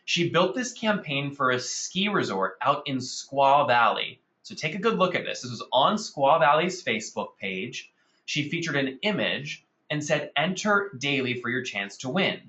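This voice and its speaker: An energetic man leads an online marketing webinar, pitching results to his audience. His voice is bright and forceful. The audio is dull and lo-fi, with an echoey room around him. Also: moderate pace. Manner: energetic, salesy, addresses audience as guys. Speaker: webinar host.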